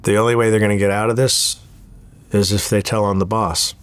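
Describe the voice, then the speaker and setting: A man's voice: on the low side, fairly quick, smooth. A man in his thirties, an interview guest recounting a story and acting out the lines of others. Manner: animated storyteller acting out quoted dialogue.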